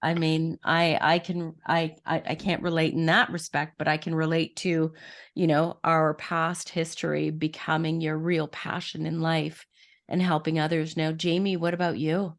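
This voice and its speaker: A woman hosting a podcast, reading her guests' introduction and then asking questions in a measured, deliberate way. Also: low voice, level tone. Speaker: podcast host.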